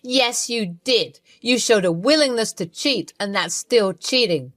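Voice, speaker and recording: Woman doing a cold, accusing young husband, lowered voice, dry read. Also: expressive, measured pace, a bit bright, dry recording. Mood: hurt angry. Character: hurt, angry young husband on speakerphone.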